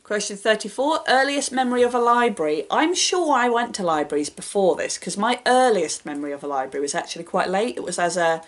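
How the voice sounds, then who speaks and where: Woman book vlogger, casual and self-deprecating, bright question reads, offhand answers. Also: on the low side.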